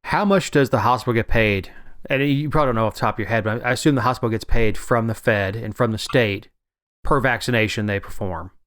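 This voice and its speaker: Guy cohosting a political podcast, rambly, wry, keeps restarting, average pitch. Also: fast talker, fairly bright tone, no room sound, clean studio sound. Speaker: podcast co-host. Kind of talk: casual political chat.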